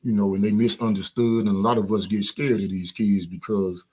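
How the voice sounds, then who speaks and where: Husky, calm man speaking as a guest. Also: on the low side. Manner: calm, measured, sincere. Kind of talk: studio discussion. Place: studio.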